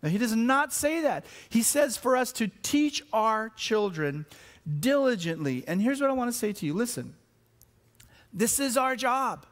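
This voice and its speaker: Stumbling and repeating himself as he builds toward a point, a high-voiced pastor preaches a sermon. He is an adult with children, and he switches between excited, loud moments and quiet, slow stress on key words.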